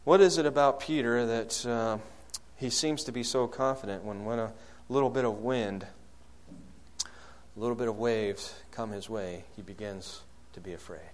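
Man preaching a sermon. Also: normal speed. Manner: rises loud and high when acting out quoted prayers, drops low and soft on key lines; asks the congregation questions.

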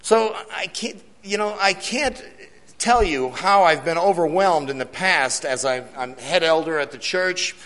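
A man's voice: on the high side, expressive, unhurried, a bit bright. A man, a church elder, giving an earnest sermon testimony to a congregation, repeating key lines and putting questions to the crowd. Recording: long reverb of a church hall.

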